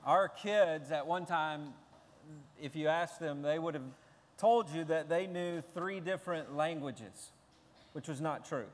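A man's voice: a little high, a little slow. A man from Tennessee, a pastor, preaching a sermon that moves from family stories to emphatic preaching. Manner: storytelling, builds to emphatic preaching. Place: large church sanctuary. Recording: long hall reverb.

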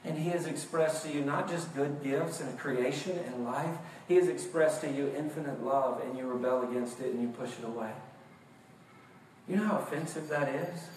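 Male preacher, high voice, hushed to shouting, distant mic in a reverberant church. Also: normal speed. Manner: impassioned, swings from hushed to shouting; acts out mock voices of listeners. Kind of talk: sermon. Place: church sanctuary. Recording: very echoey room, far from mic, faint noise.

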